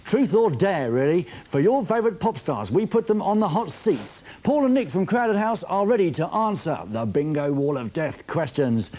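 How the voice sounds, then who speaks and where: Jokey tv host guy, chatty, kinda high pitched, mellow warm tone. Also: big pitch swings, normal speed, few pauses. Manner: chatty, self-mocking, playful. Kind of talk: jokey TV show presenting.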